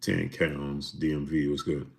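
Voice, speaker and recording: In an unhurried, level tone, a deep and gravelly male host chats on his boxing livestream. He reads out super chats, gives viewers shout-outs by name, and talks a lot while sounding defensive.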